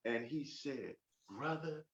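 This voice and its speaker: A man giving a fervent, emphatic testimony as a podcast guest, rising to loud peaks. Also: expressive, slow pace. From Oakland. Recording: roomy, dull low-fi sound.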